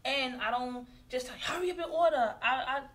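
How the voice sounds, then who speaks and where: A woman's voice: sits high, fairly bright tone. A woman, a business owner speaking in a casual, heartfelt interview chat in long run-on phrases. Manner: heartfelt, talks fast in loose run-on phrases.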